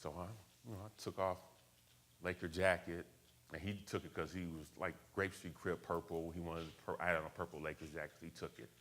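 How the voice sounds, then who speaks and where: A middle-aged man from Buffalo, New York, telling his life story in a lively way and acting out the voices of people in it. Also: low-pitched, fairly quick. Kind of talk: personal storytelling talk.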